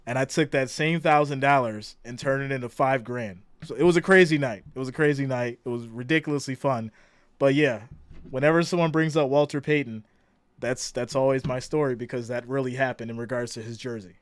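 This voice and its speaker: A man's voice: mid-range voice, clear, resonant tone, no echo. A man in his thirties hosting a casual football reaction livestream, chatty and laid-back, repeating lines for emphasis. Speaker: livestream host.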